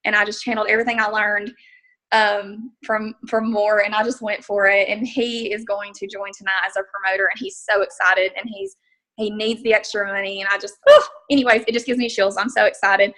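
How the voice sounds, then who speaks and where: A woman excitedly telling a story on a group call, acting out her own inner dialogue. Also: mid-range voice, fairly quick, poor audio. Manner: excited, storytelling with many quoted asides. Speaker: team member sharing a success story. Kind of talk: casual call testimony.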